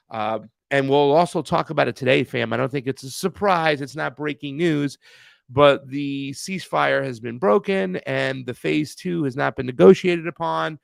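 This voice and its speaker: A man's voice: mid-range voice, gravelly, dry recording. A man hosting a casual political talk show over a video call, joking, rambling and swearing freely. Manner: loose, joking, profane, rambling. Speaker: host.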